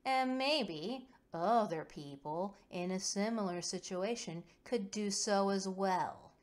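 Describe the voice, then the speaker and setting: A woman's voice: sits low, unhurried, vocal fry. A woman voicing a knowing, teasing woman officer in a narrated tabletop story, speaking in a sly, knowing way.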